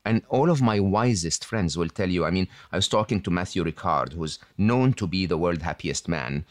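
A man's voice: low-pitched, expressive, moderate pace, no echo, clean studio sound. A man as a podcast guest, explaining in a self-assured, teacherly way and often adding "hmm?" or "okay?" to check in. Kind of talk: explaining to an interviewer.

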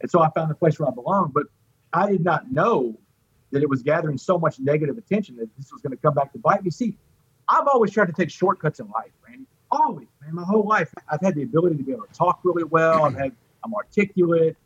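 A man's voice: on the high side, fast talker, husky, dry recording. A man from Texas, telling a personal story as an interview guest and acting out the voices of others. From Port Arthur, Texas. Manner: animated, acts out quoted voices. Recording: dull lo-fi dry audio.

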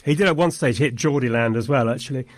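A man's voice: mid-range voice, fast talker, no room sound, studio quality. A man discussing a film in casual conversation, thoughtful and analytical with wry asides. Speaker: film podcast co-host.

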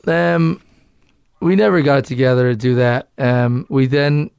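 A man's voice: mid-range voice, a little slow, gravelly, a little mellow, smooth, no room sound, studio quality. A man with a Boston accent, an actor guest talking candidly and loosely in a casual interview, swearing and laughing easily.

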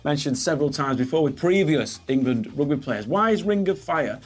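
A man's voice: fairly high pitch, lively intonation, fairly quick, husky. A man hosting a music segment as interviewer, playful and teasing with his guest. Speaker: podcast interviewer. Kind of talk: casual chat.

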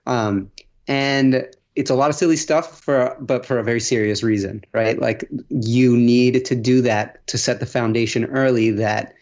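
A male teacher explaining his classroom approach in a casual, animated way. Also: medium pitch, a little slow, muffled recording. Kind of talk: casual conversation.

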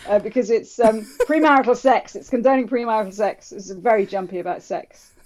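A woman from London, a guest telling family stories in a lively, anecdotal way with quick asides. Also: a little high. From England, London. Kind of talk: casual storytelling interview. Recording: slightly dull lo-fi audio.

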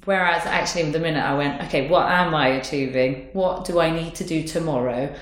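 Chatty low-voiced woman, roomy sound. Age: 30s. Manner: chatty, candid, quick to laugh. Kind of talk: casual chat. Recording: roomy echo.

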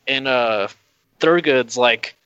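A man co-hosting a podcast, recapping a film in a halting, hesitant way. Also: medium pitch, a bit bright, clean tone, no echo, highs cut off. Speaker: podcast co-host. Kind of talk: casual film discussion.

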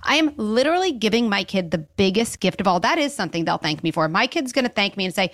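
A woman's voice: mid-range voice, sing-song, fast, hardly any pauses, a bit bright. A woman child psychologist speaking emphatically as a podcast guest, acting out little bits of parents and kids as she explains. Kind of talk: podcast interview.

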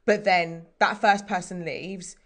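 A woman's voice: fairly low pitch, steady tone, takes it slowly, a bit bright. A young woman chatting casually as a podcast co-host, rambling and self-deprecating, with many filler words. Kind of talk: casual chat.

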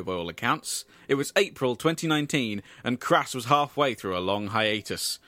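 Male podcast host, deadpan storyteller; animated pitch, dry booth sound. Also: moderate pace, no echo. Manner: dry, deadpan delivery of absurd stories with asides.

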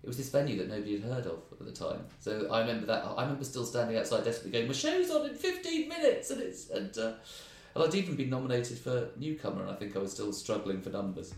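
A man's voice: on the low side, darkish tone, reverberant. A comedian chatting casually and self-deprecatingly about his early shows. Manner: fast, rambling, self-deprecating. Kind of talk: casual chat.

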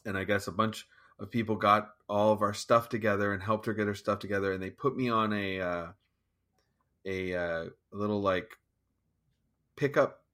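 A man telling a personal story in an interview, halting and restarting as he acts out his own thoughts. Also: fairly low pitch, fairly even intonation, fairly bright tone. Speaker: guest musician. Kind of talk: conversational storytelling.

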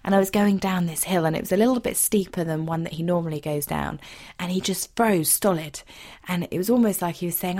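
A woman hosting a podcast, telling a personal story in a heartfelt, gentle, emotional way. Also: on the low side, moderate pace. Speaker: podcast host.

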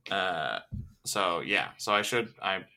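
A man's voice: low-pitched, animated, takes it slowly, creaky, sharp tone. A man co-hosting a movie podcast, chatting casually with a joking, sarcastic manner. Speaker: podcast co-host. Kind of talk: casual chat.

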